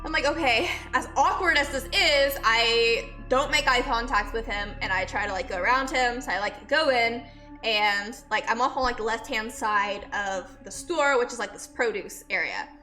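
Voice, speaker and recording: A woman's voice: on the high side, moderate pace, pushed and bright. A woman streamer who is a nurse, sick and out of breath, chatting with her viewers and greeting them by name as she rambles through a story. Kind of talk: casual chat with live viewers. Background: faint music.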